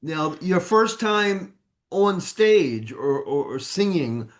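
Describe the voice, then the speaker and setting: Slow, lively-pitched male interviewer. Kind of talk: casual interview questions.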